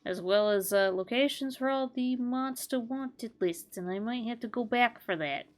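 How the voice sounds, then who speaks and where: A woman's voice: on the high side, normal speed, faint music behind. Chatty woman gamer, teasing and sweary. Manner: chatty, swears freely, teasing and self-mocking. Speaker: gaming channel host. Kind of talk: casual let's play commentary.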